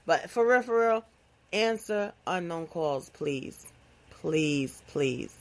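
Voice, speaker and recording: Animated woman podcast host. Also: on the low side, slow. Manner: animated, playful, conversational with vernacular phrasing. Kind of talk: casual comedic monologue.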